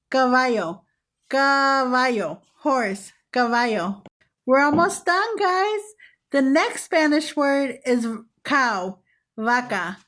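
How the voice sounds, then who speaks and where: A young woman teaching Spanish words to children in a slow, repetitive drill, with upbeat, encouraging praise between words. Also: sits high. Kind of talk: slow, repeated vocabulary drill for kids.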